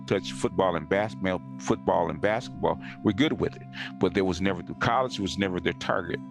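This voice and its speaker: A man with a very low voice talks in a casual, insistent way, repeating words to drive his points home. Clear music runs under the conversation.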